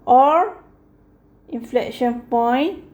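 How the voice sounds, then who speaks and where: A woman with a high voice walks through a math lesson at an unhurried, careful pace. She keeps stopping to check in with "okay" and fixes her own slips as she goes, patient and methodical throughout. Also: a little mellow, highs cut off. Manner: slow and patient, repeats "okay" often; corrects herself mid-sentence. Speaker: math teacher.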